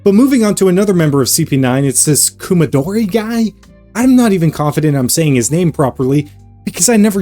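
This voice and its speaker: A man giving a casual commentary vlog, ranting with sarcastic, animated energy. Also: sits high. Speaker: anime reaction youtuber.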